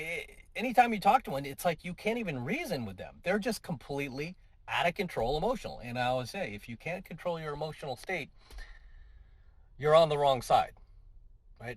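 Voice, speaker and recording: A man's voice: on the high side, lively intonation, a little fast, no room sound. A man giving an opinionated commentary monologue to his viewers, conversational and full of tag questions and repeats. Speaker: commentary vlogger.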